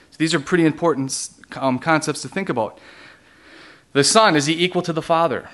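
A man's voice: a little high, fairly bright tone. A man preaching a sermon as pastor, teaching theological ideas and putting question after question to his congregation. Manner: asks the congregation many rhetorical questions; teaching, explains theological terms.

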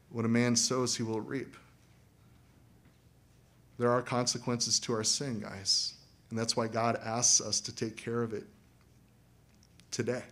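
A man preaching a sermon as pastor, animated and acting out quoted voices. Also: mid-range voice.

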